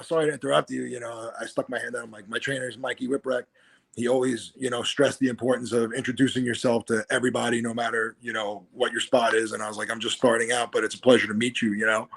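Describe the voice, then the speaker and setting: Gravelly guy in his 30s telling wrestling stories, bright tense voice, does the voices. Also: medium pitch, brisk. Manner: animated, acts out quoted voices. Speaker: guest wrestler. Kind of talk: casual storytelling.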